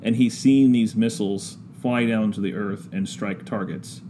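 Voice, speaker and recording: Man, casual storyteller, low mellow voice, halting pace, faint hiss. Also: steady tone. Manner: slow, drawn-out, halting with many ums. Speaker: podcast guest discussing scripture.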